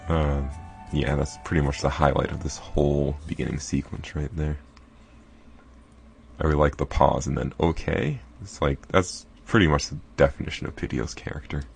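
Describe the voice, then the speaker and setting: Deep, gravelly let's-play host, chatty and apologetic, with faint music under him. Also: male voice, steady tone, moderate pace. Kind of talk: casual game commentary. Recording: faint game music behind.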